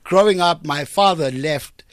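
A South African man on a studio microphone, speaking in a fairly high register for a man. He tells jokes in a deadpan, storytelling way. The sound is close and dry, with no room echo. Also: unhurried. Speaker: comedian guest. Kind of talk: joking radio interview chat. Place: radio studio.

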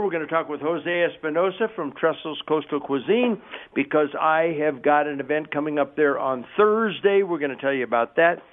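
A middle-aged man hosting a radio show, talking in a chatty, folksy way and telling jokes. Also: on the high side. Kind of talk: casual radio talk. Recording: tinny phone-like radio audio.

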